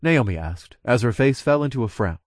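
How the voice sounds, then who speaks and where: A man with a mid-range voice reads a first-person audiobook in a steady, relaxed way. The sound is close and dry, with no room around it. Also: medium pitch, a little fast, no room sound. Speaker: audiobook narrator.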